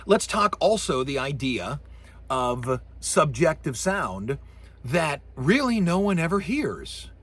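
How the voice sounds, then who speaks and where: Animated husky-voiced man lecturing. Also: a little high, slow pace. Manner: animated, jokey, acts out sounds and voices. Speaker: college communications professor. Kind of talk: recorded lecture.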